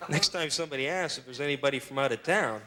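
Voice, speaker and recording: A man's voice: medium pitch, fast talker. A middle-aged man hosting stand-up, bantering with the audience in a teasing, sarcastic way. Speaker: stand-up comedian host. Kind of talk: live stand-up crowd work. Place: comedy club stage with live audience. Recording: loud live crowd laughter and noise. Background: audience laughing.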